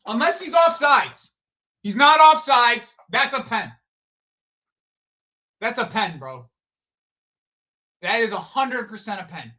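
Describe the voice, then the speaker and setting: A man's voice: high-pitched, big pitch swings, takes it slowly, pauses often, sharp tone. A man hosting a live football watch-along stream, rambling and swearing, repeating himself and blurting out reactions to the play.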